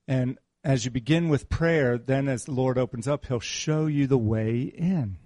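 A male pastor with a mellow, dark voice gives a relaxed, chatty sermon. He repeats his key lines and teases members of the flock with light joking asides. The sound is dry and close. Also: medium pitch, measured pace, few pauses, no echo. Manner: conversational, repeats key phrases for emphasis; teasing, joking asides with the congregation. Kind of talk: informal sermon.

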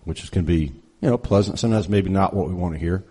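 Husky-voiced man giving a casual sermon. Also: low-pitched, fast, dark tone. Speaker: church worship leader. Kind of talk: informal sermon talk.

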